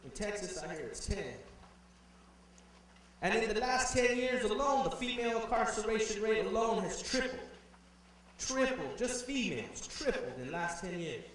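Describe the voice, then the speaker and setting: A young man telling a personal story in an animated way as a conference speaker, heard from afar in a big hall with a faint hum. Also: high voice, moderate pace, distant mic. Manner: animated, acts out quoted voices.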